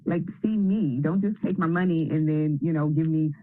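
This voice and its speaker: A woman's voice: low voice, normal speed, no echo. A woman program member speaking earnestly and emphatically on a group video call. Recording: thin phone-like dry sound.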